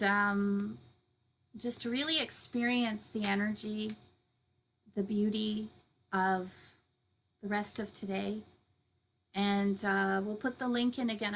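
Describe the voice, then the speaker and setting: A woman's voice: medium pitch, vocal fry, slight background noise, rough recording. A woman hosting a spiritual meditation stream, chatting effusively with viewers, laughing often and reading out their comments. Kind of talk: live-stream closing chat with viewers.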